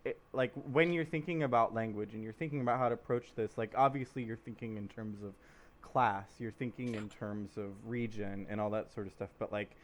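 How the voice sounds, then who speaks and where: A man's voice: fairly low pitch, steady tone, fairly quick. A man in a casual discussion, asking curious follow-up questions. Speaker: panelist.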